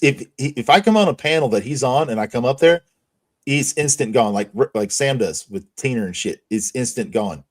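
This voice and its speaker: A man's voice: mid-range voice, darkish tone. A man hosting a casual livestream chat, telling profane stories and laughing often. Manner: profane, laughs a lot, storytelling. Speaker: stream host.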